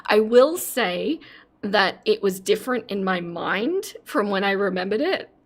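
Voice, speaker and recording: Very animated and unhurried, a woman in her forties from Australia talks with her live-stream audience in a mid-range voice. The chat is casual, and she keeps dissolving into giggles and laughter.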